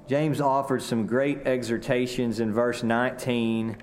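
A man's voice: mid-range voice, level tone, slight background noise. Drawling Southern preacher man. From Arkansas, US South. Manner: earnest, repeats words, slows for emphasis. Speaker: pastor. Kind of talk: sermon.

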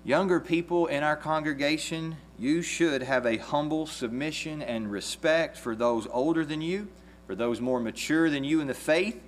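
A man preaching a sermon as pastor, earnest and measured, with a few restarts. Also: fairly high pitch, slight background noise.

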